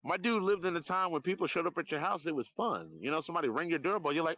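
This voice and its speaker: Animated, cussing man streaming outdoors. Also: on the high side, fast talker, hardly any pauses, no room sound, lo-fi sound. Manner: animated, rambling and profane. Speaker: livestreamer. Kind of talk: casual live-stream chat. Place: outdoors at night. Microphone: phone.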